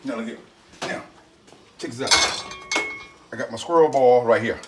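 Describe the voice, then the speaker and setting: A man talks through a home cooking video in a folksy, excitable way, his voice at an ordinary middle pitch. Food sizzles quietly on the stove behind him in the home kitchen. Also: moderate pace, background noise. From Texas. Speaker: home cooking channel host. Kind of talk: casual cooking video talk.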